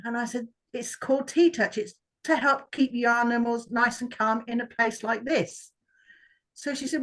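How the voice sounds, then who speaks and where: High-voiced woman telling a story. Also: a little slow, fairly bright tone, low-quality recording. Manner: chatty, with restarts. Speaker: workshop participant. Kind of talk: personal story on a video call.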